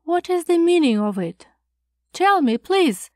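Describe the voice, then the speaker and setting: A woman's voice: extremely high pitch, sing-song, unhurried, no room sound, clean studio sound, voice pushed up, full character voice. A woman reading an audiobook, voicing a fussy, anxious older male schoolmaster who lectures in a prim, reproachful way. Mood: shocked.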